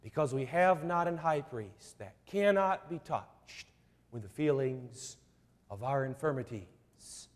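A man preaching a sermon, slow and emphatic, with repeated rhetorical questions. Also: mid-range voice, expressive, in a large hall.

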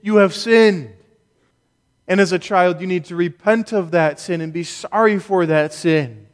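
A man preaching a sermon as a pastor, earnest and emphatic, with deliberate pauses. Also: high-pitched, big-room sound.

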